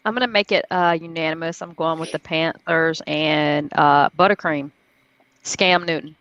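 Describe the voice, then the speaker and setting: A woman running the game picks on a casual sports show, brisk and teasing. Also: sits low, fairly even intonation, a bit bright, no echo, muffled recording.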